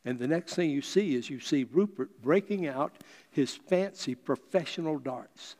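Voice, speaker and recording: A man telling a story to an audience in a deliberate, unhurried speech. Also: on the high side, animated, a little mellow. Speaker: speaker. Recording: long reverb of a large hall.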